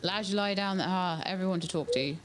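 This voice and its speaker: A woman's voice: on the low side, brisk, soft background music. Woman chatting through a farming game. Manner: chatty, thinking aloud while playing. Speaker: game streamer. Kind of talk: casual let's-play commentary.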